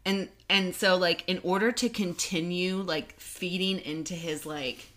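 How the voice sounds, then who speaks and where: A woman's voice: on the low side, fairly even intonation, measured pace, fairly bright tone. A woman co-hosting a podcast in casual chat, talking with lots of fillers and laughing easily. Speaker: podcast co-host. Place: in person with co-host.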